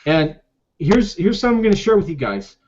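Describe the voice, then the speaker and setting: Middle-aged guy choking up a bit telling his story, kinda high voice, muffled lo-fi sound. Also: very animated, a little mellow. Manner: emotional, halting, repeats himself. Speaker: network marketer sharing his story. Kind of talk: personal testimonial vlog. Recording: dull lo-fi recording.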